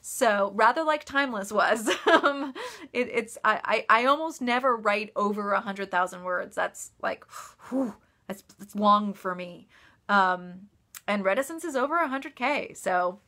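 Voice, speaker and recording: Bright-voiced chatty woman author. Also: medium pitch. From United States. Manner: chatty, laughs often, many ums and restarts. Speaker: author answering live chat questions. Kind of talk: casual live-stream chat. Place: office.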